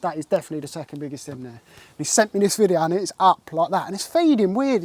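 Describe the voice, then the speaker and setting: A man, telling an excitable and rambling fishing story in a casual interview, full of "like" and "mate". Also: high-pitched, fast, dry recording. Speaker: carp angler recounting a catch.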